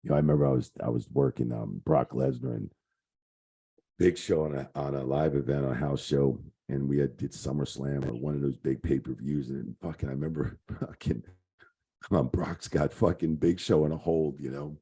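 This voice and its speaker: A middle-aged retired wrestling referee, appearing as a guest in a casual interview, tells rambling stories packed with fillers and swearing. His voice sits extremely low and sounds gravelly, mellow and slightly rough, at a normal speed.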